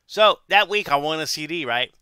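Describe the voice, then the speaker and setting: Brief: man, 40s, casual vlog storyteller, rambling and repetitive, smooth and very bright tone, dry close sound. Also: fairly high pitch, expressive, moderate pace, dry recording. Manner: rambling, repeats himself, restarts phrases. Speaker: vlogger telling life stories.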